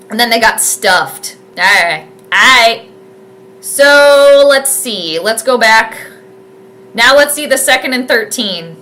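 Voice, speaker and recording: A woman giving chatty, excitable live commentary on a football game from home, rambling with lots of fillers. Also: sits high. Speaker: sports streamer doing live game commentary.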